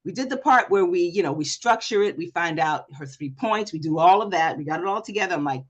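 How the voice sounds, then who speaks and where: An energetic woman coach teaches a live online class, asking the audience questions again and again. She acts out quotes with a higher, louder voice. The sound comes through a video call mic. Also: fairly quick, few pauses. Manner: energetic, talks straight to the audience with repeated questions. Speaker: presentation coach. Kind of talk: live online workshop talk.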